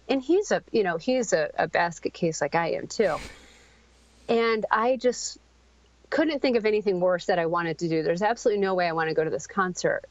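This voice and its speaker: A middle-aged woman pours out a raw personal story as a podcast guest, halting often and restarting her sentences. The recording is dry and a bit dull, with no room sound. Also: medium pitch, expressive, dry recording. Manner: halting, searching for words, many ums and restarts.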